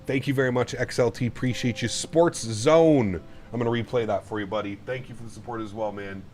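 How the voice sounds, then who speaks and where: A man's voice: mid-range voice, brisk, darkish tone, faint music behind. A man live-streaming a flight simulator, chatting casually and rambling to his viewers while he flies. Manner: chatty, rambling, laughs often. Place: home sim setup.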